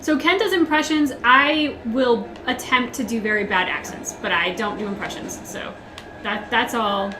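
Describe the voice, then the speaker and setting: A woman with a somewhat high voice co-hosts a relaxed gaming livestream, teasing her partner and filling pauses with ums. The room is echoey and has clear noise in the background. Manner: playful, teasing, many ums. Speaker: livestream co-host. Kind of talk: casual gaming livestream chat.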